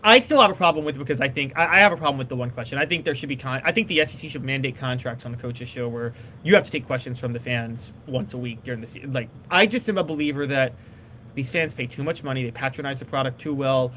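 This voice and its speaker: A man's voice: medium pitch, bright, forceful tone, slight background noise. Opinionated man co-hosting sports talk. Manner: opinionated, fast-talking.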